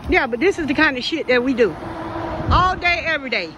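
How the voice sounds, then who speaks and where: Brief: high-voiced woman, blunt, mocking vlog commentary, phone recording by a road. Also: animated, a little fast. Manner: blunt, teasing, profane. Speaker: vlogger filming a roadside scene. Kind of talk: casual running commentary. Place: outdoors by a road in traffic. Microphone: phone camera. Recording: phone audio with road noise. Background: passing traffic.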